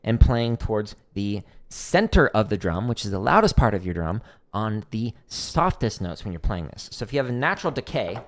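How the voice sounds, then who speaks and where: A man's voice: on the low side, noisy background. A man hosting a casual livestream drum lesson, explaining technique as he demonstrates, with frequent "like" fillers.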